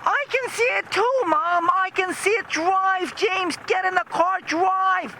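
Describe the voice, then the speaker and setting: A man voicing a frightened young tourist son, excited and shouting, with engine noise from an outdoor vehicle behind. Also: extremely high pitch, takes it slowly, pitched above the performer's own voice, heavily acted. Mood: frantic.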